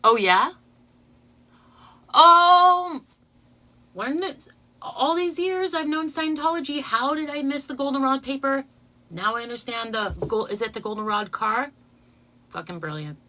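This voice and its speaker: A woman chats to her viewers on a casual livestream in a bright, forward voice. She is excitable and keeps breaking into laughter. Her talk is loose and gushing. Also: high voice, measured pace, long pauses. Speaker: channel host.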